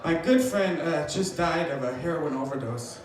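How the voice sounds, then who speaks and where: A man doing a stand-up comedy set, telling deadpan dark jokes and acting out voices, with audience laughter behind him. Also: a little high, moderate pace, a little hiss or hum. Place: comedy club stage. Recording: echoey club from far off, crowd laughing.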